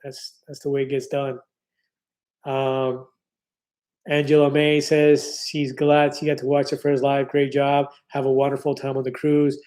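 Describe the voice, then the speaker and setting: A man's voice: medium pitch, completely flat delivery, a little slow, a little mellow. A man in his fifties hosting a casual live stream, reading viewer comments aloud in an upbeat, chatty way with many fillers and restarts. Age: 50s.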